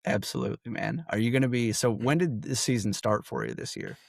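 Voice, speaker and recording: A man's voice: mid-range voice, fairly quick, vocal fry, no echo. A man hosting an outdoors podcast, upbeat and enthusiastic in casual chat. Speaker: podcast host.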